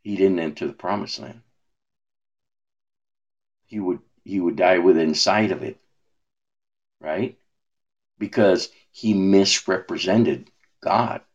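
A man talking about his faith in a relaxed way, asking rhetorical questions and often restarting his words. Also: low-pitched, takes it slowly, pauses often, muffled recording. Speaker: minister. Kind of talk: preaching conversation.

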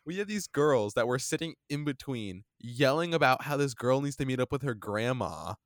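A young man telling a story in a casual podcast chat, rambling and animated with lots of fillers, in a dry close recording. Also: medium pitch, normal speed, no echo. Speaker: podcast co-host.

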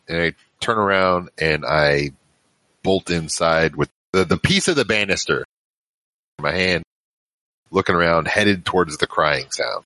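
A man plays a tabletop horror game, earnestly narrating his character's moves and sometimes calling out loudly in character. His very low voice is bright and forceful, recorded dry and close. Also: measured pace, no echo. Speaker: player.

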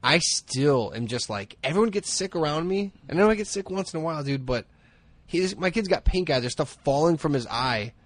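A man co-hosting a podcast, rambling through casual comedic chat, self-mocking and quick to laugh. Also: a little high, animated. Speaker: podcast co-host.

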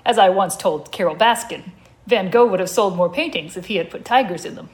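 A woman voicing a flustered, defensive male tiger who rambles through quick denials, as part of a comic story reading at a live show. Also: mid-range voice, lightly acted. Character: anxious, defensive male tiger, imaginary friend.

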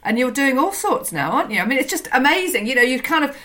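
A woman's voice: high-pitched, sing-song, fast, sharp tone. A woman hosting an interview, full of enthusiastic praise for her guest and asking rambling questions. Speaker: interview host. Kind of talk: conversational interview.

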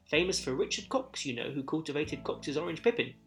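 A man voicing a feisty, sharp-tongued elderly widow in a story reading, exclaiming in a raised voice. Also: sing-song, normal speed, creaky, soft background music. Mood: excited. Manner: high exclaiming delivery.

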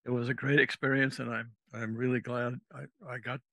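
A former navy officer, a man, spins a rambling anecdote as a podcast guest and slips into the voices of the people he quotes. His voice is bright and forceful. It sits close and dry, with no room around it. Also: medium pitch, flat delivery, a little fast, gravelly, dry recording. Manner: rambling, acts out quoted dialogue. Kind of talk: casual anecdotal storytelling.

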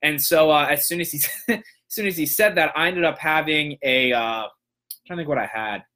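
A young man hosting a show, casually telling a long story and acting out the people in it with lively voices. His voice is bright and a little high for a man. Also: a little fast. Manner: animated, acts out voices in quotes. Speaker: podcast host, motivational speaker.

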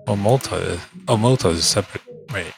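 A man's voice: fairly low pitch, fast talker, creaky, soft background music. A man talking casually to himself in a vlog, thinking aloud, trailing off and restarting with lots of fillers.

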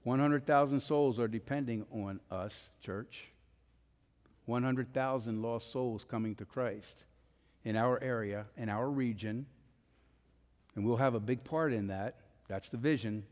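A man's voice: mid-range voice, measured pace, darkish tone. A male pastor preaching a sermon with an emphatic rising and falling cadence. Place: church sanctuary. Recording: long hall reverb.

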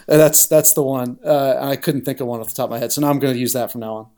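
A man with a New Jersey accent co-hosting a podcast, chatting about films bluntly and profanely, quick to laugh. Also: medium pitch, steady tone, mellow, smooth. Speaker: podcast co-host. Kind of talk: casual chat about films.

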